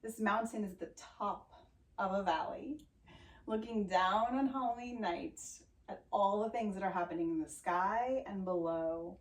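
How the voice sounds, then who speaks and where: A woman teaching a yoga class, giving calm, steady breath cues with playful sounds. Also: mid-range voice, unhurried. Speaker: yoga instructor. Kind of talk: guided yoga class cueing. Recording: roomy echo, voice from a distance off the mic.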